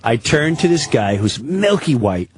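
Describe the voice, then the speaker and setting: A man's voice: mid-range voice, measured pace, a little hiss or hum. A man telling a comic story as a radio show guest, acting out the people in it. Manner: animated, acts out the people in his story. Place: radio studio.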